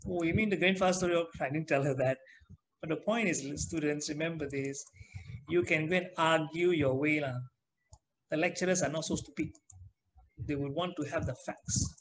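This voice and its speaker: Middle-aged male trainer, high-pitched and chatty, leading an online lesson. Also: normal speed, rough recording. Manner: chatty, asks the class questions. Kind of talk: online class talk.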